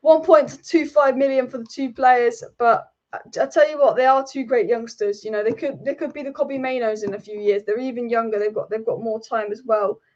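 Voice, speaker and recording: A young woman talks through football news on her live stream, chatty and loose, often repeating phrases and filling gaps with ums. Her voice sits slightly high. The sound is a little dull and lo-fi. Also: steady tone, fairly quick, a little mellow. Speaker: football channel host. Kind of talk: casual live-stream commentary.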